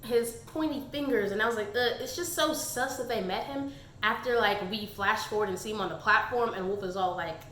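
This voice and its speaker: A chatty young woman in a book review vlog, with a high, bright voice. She talks in an animated way, tossing off quick character impressions between her own comments, and the sound is echoey, as if she is in a bare room. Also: a little hiss or hum.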